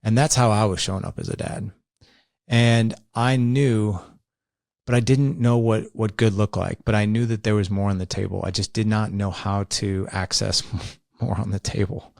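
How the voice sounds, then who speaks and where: Podcast host, man, 30s, low gravelly voice, candid rambling storyteller, dry close mic. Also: fairly even intonation, normal speed, darkish tone, no echo. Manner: candid, rambling, filler-heavy. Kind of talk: personal storytelling monologue.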